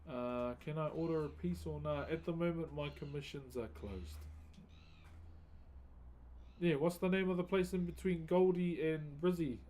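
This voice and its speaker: A man with a New Zealand accent talks casually on a live stream, greeting viewers by name in easygoing slang. His voice sits a little high and sounds warm and mellow. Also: normal speed. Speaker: livestreaming wood carver.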